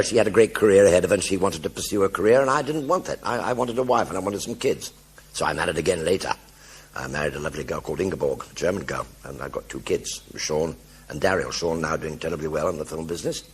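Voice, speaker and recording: A man's voice: fairly low pitch, creaky, husky. An older man telling comic anecdotes in a one-man stage show, acting out the voices in his stories. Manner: animated anecdotes with acted-out voices. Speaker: raconteur. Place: theatre stage with audience.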